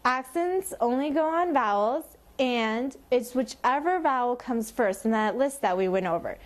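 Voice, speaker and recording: A woman's voice: fairly high pitch, expressive, unhurried. A woman teaching a language lesson, patiently explaining and modeling tones by sliding her voice up and down.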